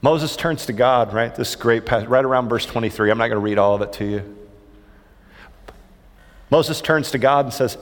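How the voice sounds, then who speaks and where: A man's voice: medium pitch, normal speed, big-room sound. A man preaching a sermon in a church, conversational and humorous, often checking in with "right?" as he goes. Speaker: pastor. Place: church sanctuary.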